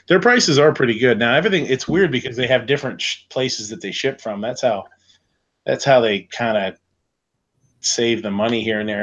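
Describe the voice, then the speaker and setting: A man's voice: on the low side, highs cut off. Laid-back man hosting a stream. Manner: rambling, laid-back, self-interrupting. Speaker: livestream host reading chat. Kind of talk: casual chat. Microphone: online call setup, on a computer.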